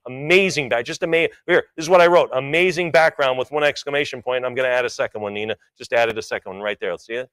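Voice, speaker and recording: A man's voice: medium pitch, fairly bright tone, clear, resonant tone, no room sound. Man calling bids at an auction. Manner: rapid rhythmic bid chanting with joking asides.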